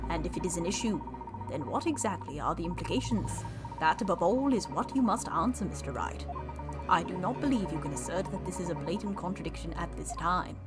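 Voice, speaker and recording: A woman voicing a calm, formal male professor in a game playthrough, speaking slowly and deliberately. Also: on the low side, voice pushed down, lightly acted. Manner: slow, deliberate, formal phrasing. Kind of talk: voicing game dialogue while streaming. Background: game music.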